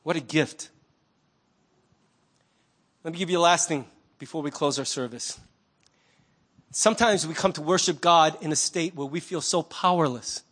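A man preaching a sermon as pastor, conversational and animated, acting out little quoted voices. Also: fairly high pitch, normal speed, pauses often.

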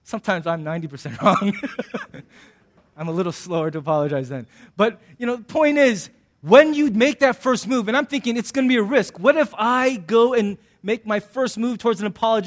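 High-voiced man preaching a sermon. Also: moderate pace. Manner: animated, acts out voices in asides; humorous, conversational preaching. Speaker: pastor.

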